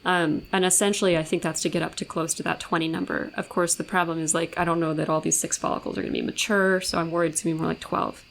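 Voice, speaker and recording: Woman with a low, gravelly voice. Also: flat delivery, fast talker, hardly any pauses, slight background noise, poor audio. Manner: frank and blunt, swears freely. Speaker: podcast co-host. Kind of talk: candid personal conversation.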